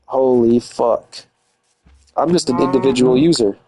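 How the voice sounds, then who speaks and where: Streamer guy ranting and swearing, mid-pitched voice, casual. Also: measured pace, crowd noise, poor audio. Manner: crude trash talk, profane, boastful.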